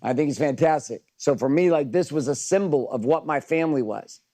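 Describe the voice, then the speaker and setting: A man's voice: a little high, a little fast, warm tone. A man coaching a group in an intense, emphatic motivational talk, swearing freely.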